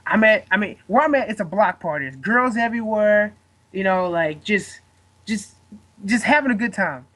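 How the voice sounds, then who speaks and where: A man's voice: sits high, expressive, normal speed, sharp tone. A man in his twenties, a guest fighter, telling a story in casual chat, rambling and swearing with lots of fillers.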